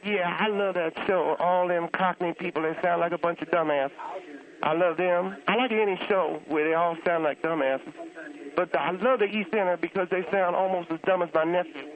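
A man's voice: high voice, normal speed, lightly acted. A man voicing a cranky, church-going elderly aunt who calls in and grumbles bluntly about everything. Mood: gossipy. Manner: blunt, grumbling, rambling complaints. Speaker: caller. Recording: tinny phone line.

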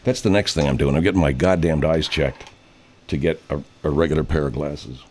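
A man's voice: a bass voice, a little fast, darkish tone, a little hiss or hum. A man over fifty, a radio host, telling a rambling, profane story in casual chat and putting on voices when he quotes people.

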